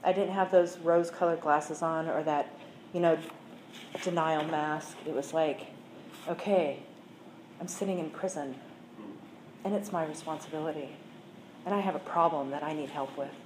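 A woman's voice: low voice, fairly even intonation, moderate pace, pauses often. A woman giving a candid, earnest personal testimony as a recovery speaker, talking plainly with fillers. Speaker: recovery speaker sharing her story. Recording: echoey room with faint noise.

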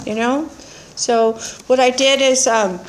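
A woman's voice: high-pitched, slow pace. A woman giving personal testimony at a recovery meeting, telling her story in a blunt, earthy way and laughing often. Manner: animated storytelling with frequent laughter. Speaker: speaker sharing at a recovery meeting.

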